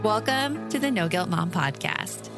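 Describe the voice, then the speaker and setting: A woman's voice: mid-range voice, expressive, a little slow. A woman reading an upbeat scripted podcast intro. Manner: upbeat, promotional. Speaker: show intro announcer. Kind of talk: scripted intro over music. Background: music.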